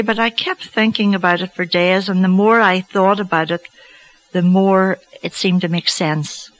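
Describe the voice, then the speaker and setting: Slow, reflective woman storyteller. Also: lowish voice, a bit bright, rough recording. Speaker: speaker giving a faith testimony. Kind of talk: personal story told to an audience.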